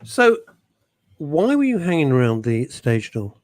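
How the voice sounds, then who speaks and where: A man's voice: fairly high pitch, sing-song, measured pace, darkish tone, no echo. A man hosting a talk show, bantering and teasing in a theatrical way. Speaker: host.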